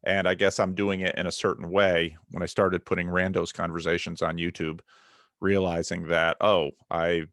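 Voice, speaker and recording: A man's voice: low voice, level tone, normal speed, a bit bright, no room sound, studio quality. A middle-aged man, a pastor who runs a video channel, speaking casually and earnestly, often stumbling and restarting his sentences. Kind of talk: casual conversation.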